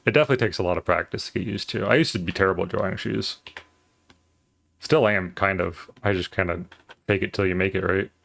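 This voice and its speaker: Rambling low-voiced male streamer. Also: fast, vocal fry, fairly bright tone. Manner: rambling, filler-heavy, playful. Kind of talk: casual chat while drawing on stream.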